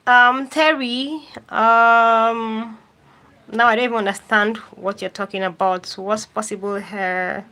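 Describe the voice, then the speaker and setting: Higher-voiced woman hosting a live chat. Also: fairly even intonation, slow, bright, forceful tone, low-quality recording. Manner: answers comments directly, repeats phrases for emphasis. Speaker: YouTube host reading live chat. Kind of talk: live stream chat, talking to viewers.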